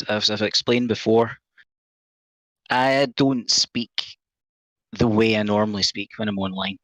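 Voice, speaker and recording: A man's voice: on the low side, a bit bright, no room sound, poor audio. A man with a Scottish Glasgow accent chatting on a panel, joking and explaining patiently. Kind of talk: casual panel chat.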